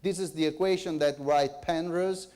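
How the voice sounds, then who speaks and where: A man giving an academic conference lecture, speaking haltingly and hesitantly. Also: on the high side, steady tone, a little mellow. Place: lecture hall.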